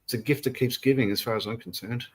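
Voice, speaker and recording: A man co-hosting a relaxed model-building livestream, reading viewers' comments aloud and laughing often. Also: medium pitch, fast talker, husky. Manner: laughs often, reads chat messages aloud. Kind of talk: casual chat reading out live comments.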